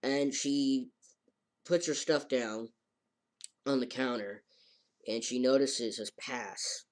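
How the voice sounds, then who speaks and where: A man recaps an episode in a loose, casual way at a middling pitch. He rambles, stops and restarts, and leans on fillers. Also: slow. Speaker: anime reviewer.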